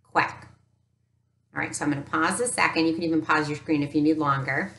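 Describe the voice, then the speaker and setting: Cheery lady teacher doing a phonics lesson, sounds out letters slow, kinda low voice, echoey room. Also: steady tone, a bit bright. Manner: upbeat, encouraging, sounds words out slowly. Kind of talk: recorded remote phonics lesson. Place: home teaching space with an easel.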